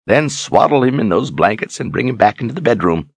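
A man voicing an eccentric old male wizard, gruff and commanding, who bellows his orders. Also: mid-range voice, animated, a little fast, no echo, voice pushed up.

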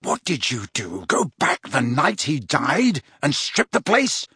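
A man's voice: on the high side, sing-song, unhurried, a bit bright, husky, dry recording, studio quality, voice pushed up, heavily acted. A man doing a furious teenage boy wizard. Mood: snarling. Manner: snarling, furious. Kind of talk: audiobook character voice.

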